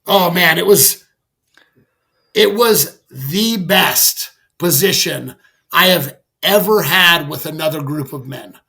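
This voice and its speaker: A middle-aged man with a high, gravelly voice, telling a story as a podcast guest. He sounds bright and keen, talks candidly and animatedly, and swears casually. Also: slow pace. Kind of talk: conversational storytelling.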